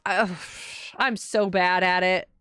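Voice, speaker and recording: A woman's voice: fairly low pitch, fairly even intonation, takes it slowly, a bit bright, clean tone, dry recording. A middle-aged woman live-streaming a game, chatting casually with viewers, giggling often and sounding a little tired. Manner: chatty, giggly, reads and answers chat.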